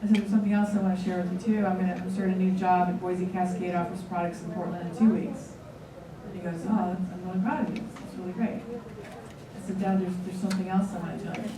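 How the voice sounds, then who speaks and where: A woman's voice: on the low side, fairly even intonation, fast talker, a crowd in the background. A woman in her forties, a seminar leader, telling a candid personal story to a seminar audience and acting out the dialogue. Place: large room with an audience. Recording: echoey room from far off, audience noise. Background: audience murmur.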